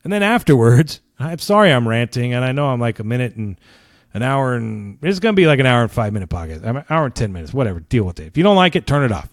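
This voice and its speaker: A man's voice: mid-range voice, big pitch swings, quick pace, no echo. A man hosts his own podcast and rambles through a story at full tilt. He swears freely and laughs at his own jokes. His voice sits in a middle range and comes across close and dry, with no room around it. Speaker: podcast host. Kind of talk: casual ranting storytelling.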